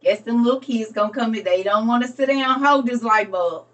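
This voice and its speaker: Excitable woman livestreaming, a bit off-mic. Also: a little high, fairly quick, recorded from a distance, dull audio. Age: adult with a young son. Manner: excitable, laughing, talks to viewers as y'all. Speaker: live streamer. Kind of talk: casual live stream chat.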